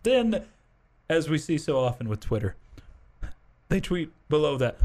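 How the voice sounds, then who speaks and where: A man's voice: on the high side, sing-song, a little slow, long pauses, a little mellow. Chatty male sports talk host. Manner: chatty, leads the talk with questions. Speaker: fill-in sports radio host. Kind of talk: morning sports talk show chat.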